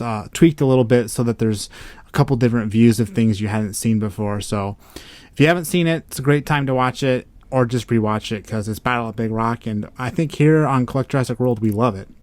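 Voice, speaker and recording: A man's voice: mid-range voice, darkish tone, dry recording. A man co-hosting a collectors' podcast, chatting casually and easily with frequent fillers. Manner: easygoing, chatty, many fillers. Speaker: podcast co-host. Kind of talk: casual chat.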